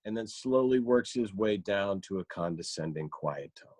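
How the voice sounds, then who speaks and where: A man's voice: on the low side, no room sound. A male comedian and voice actor, chatting casually as a podcast guest and breaking into impressions. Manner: animated, slips into quick impressions.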